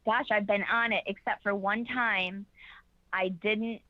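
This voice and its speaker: A woman's voice: medium pitch, measured pace, no echo. Woman telling her story, muffled lo-fi. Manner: animated, acts out the people in her story. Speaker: guest. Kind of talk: casual interview storytelling. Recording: dry muffled lo-fi sound.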